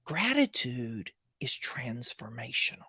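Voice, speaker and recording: A man's voice: mid-range voice, slow pace, husky, no room sound. Earnest man telling stories, dry close sound. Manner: earnest, animated storyteller who acts out quoted dialogue. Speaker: guest speaker on gratitude. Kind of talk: storytelling conversation on a livestream show.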